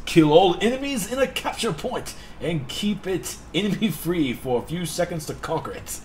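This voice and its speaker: A young man giving casual, excitable gameplay commentary, swearing often and laughing at himself. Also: on the high side, moderate pace, a little hiss or hum. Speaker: gaming channel host.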